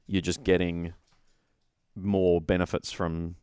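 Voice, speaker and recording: Deep-voiced man in rambling hobby chat. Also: flat delivery, slow, a little mellow, clean tone, no echo, studio quality. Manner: rambling, self-correcting, opinionated. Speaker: podcast co-host. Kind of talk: casual tabletop wargaming chat.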